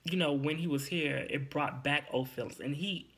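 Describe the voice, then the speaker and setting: A man's voice: fairly high pitch, moderate pace, a bit bright. Young guy spilling a personal story on his podcast, emotional, kinda teary, real candid. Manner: emotional, confiding, a little teary. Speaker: podcast host.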